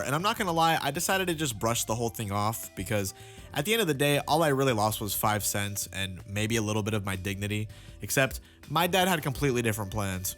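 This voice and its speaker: Young man, comedic storytime narration, mid-pitched voice, animated and jokey, faint music underneath. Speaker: storytime youtuber.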